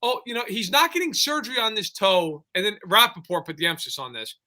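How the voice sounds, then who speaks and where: A man co-hosting a sports podcast, talking casually and ranting excitedly with frequent restarts. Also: high-pitched, quick pace. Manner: excitable, animated rants with lots of restarts. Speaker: podcast co-host.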